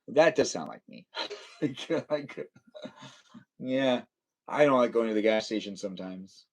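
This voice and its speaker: A young man live streams with a mid-range voice and lively intonation, speaking at a measured pace with long pauses. He reads his viewers' comments aloud, chatting casually, teasing them and laughing often.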